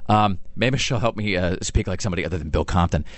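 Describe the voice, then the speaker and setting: A man's voice: low-pitched, fast, dry recording. A man hosting a podcast in casual chat, rambling and self-deprecating, with lots of fillers. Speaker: podcast host.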